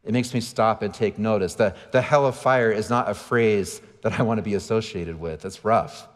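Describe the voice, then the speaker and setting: A male pastor with a low-leaning voice preaches a sermon at a normal speed, telling self-deprecating stories about himself. A stage microphone picks him up in a large church auditorium. The livestream carries long hall reverb.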